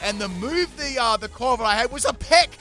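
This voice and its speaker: In a casual game commentary voice-over, a young man hosting a gaming channel jokes and chats through his battles, mocking himself along the way. His voice is extremely high-pitched with a sharp tone, and he sounds animated and brisk.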